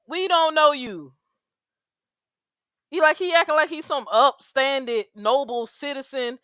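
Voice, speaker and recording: Profane, outraged woman streamer, bright voice. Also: high-pitched, no room sound, studio quality. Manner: blunt, profane, emphatic, heavy slang. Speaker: commentary streamer. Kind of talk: outraged livestream commentary.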